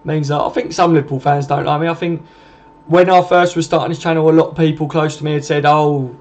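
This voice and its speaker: Gravelly matey southern English man. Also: on the high side, fairly even intonation, fast talker, a little mellow. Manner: rambling and matey, keeps adding "and that" and "mate". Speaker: live-stream channel host. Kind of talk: casual live-stream chat reading comments.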